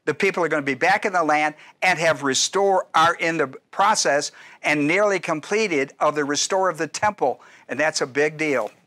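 A man's voice: a little high, normal speed, sharp tone. A male pastor teaching a Bible study class in a conversational, digressive way, often restarting sentences and asking the audience questions.

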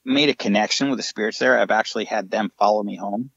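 A man's voice: on the low side, fairly quick, a bit bright, slightly rough, no room sound, dull audio. A man, a paranormal investigator, earnestly recounting his ghost encounters as a podcast guest. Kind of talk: storytelling in a podcast interview.

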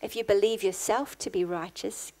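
A middle-aged woman, a guest pastor, preaching a sermon in church, rising to loud, passionate exclamations. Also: mid-range voice, fairly even intonation, moderate pace.

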